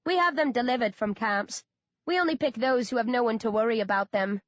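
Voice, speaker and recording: A woman's voice: fairly high pitch, a little fast, dry recording, lo-fi sound, lightly acted. A woman voicing a cynical aristocratic lady who speaks smugly, in an audiobook. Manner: cynical, smug.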